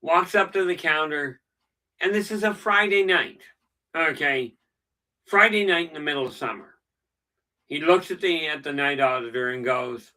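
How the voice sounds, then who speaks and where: A man's voice: on the high side, moderate pace, sharp tone, recorded from a distance, low-quality recording. A middle-aged man hosting a casual live stream, telling stories with dry jokes. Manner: chatty storyteller with dry jokes. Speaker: channel host.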